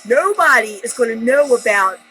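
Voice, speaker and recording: A woman's voice: on the high side, expressive, normal speed, pushed and bright, poor audio. A woman telling her personal story in a raw, rambling monologue, blunt and profane. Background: music.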